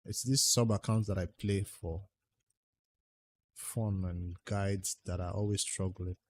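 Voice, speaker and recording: A man from Nigeria with a Nigerian accent and a fairly low voice, talking casually on a game livestream. He answers chat questions and thinks out loud about his grind in a chatty, easygoing way. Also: steady tone, takes it slowly. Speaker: game streamer.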